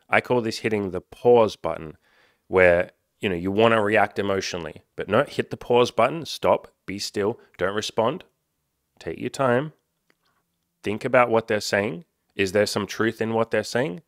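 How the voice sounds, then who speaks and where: Man, low voice, frank self-help coach, swears freely, dry close sound. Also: normal speed, a bit bright, dry recording. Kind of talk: candid self-help monologue.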